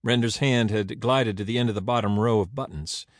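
A man narrating an audiobook in an expressive, dramatic reading. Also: on the low side, fairly quick, no echo, studio quality.

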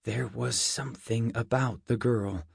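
A man narrating a first-person fantasy story in a measured, unhurried audiobook reading. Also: mid-range voice, fairly even intonation, vocal fry, breathy edge, dry recording, studio quality.

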